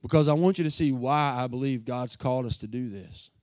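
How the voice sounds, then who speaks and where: A pastor preaching an emotional sermon from the pulpit, earnest and building to fervent passages. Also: male voice, medium pitch, fairly quick, a little mellow, dry recording.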